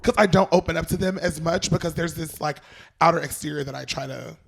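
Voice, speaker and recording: A man's voice: on the high side, vocal fry. A man around thirty, a guest on a casual podcast, talking candidly and emotionally about mentoring and vulnerability. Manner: candid, emotional, quick asides.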